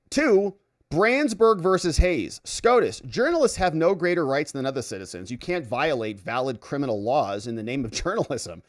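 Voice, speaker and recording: Animated man hosting a livestream. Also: medium pitch. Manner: animated, reads viewer comments aloud, jokey storytelling. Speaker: livestream host. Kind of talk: casual livestream chat reading donations.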